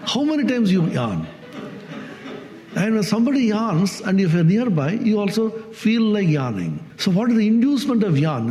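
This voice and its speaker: A man's voice: on the high side, warm tone, in a large hall. A swami giving a spiritual discourse on Vedanta to an audience. He asks his listeners questions and acts out everyday speech.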